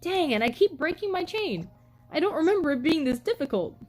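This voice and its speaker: A woman's voice: high-pitched, sing-song, fairly quick, a little mellow, soft background music, poor audio. A young woman chatting casually on a live stream, telling rambling stories full of "like" and "um" and greeting viewers. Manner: chatty storytelling, frequent "like" and "um" fillers.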